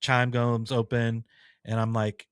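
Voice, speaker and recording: A man's voice: medium pitch, monotone, slow, smooth, no room sound, studio quality. A man co-hosting a podcast, laid-back and telling stories with frequent laughs. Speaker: podcast co-host. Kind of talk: casual chat.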